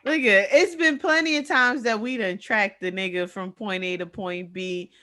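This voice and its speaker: Bright-voiced woman with blunt commentary. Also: mid-range voice. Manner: quick hype reactions and blunt commentary. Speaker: podcast co-host. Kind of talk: casual chat.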